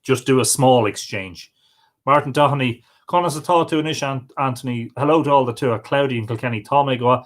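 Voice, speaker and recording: Male host, friendly, casual, mid-range pitch, reads out comments and greets viewers by name on a webcam stream. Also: brisk. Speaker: livestream host.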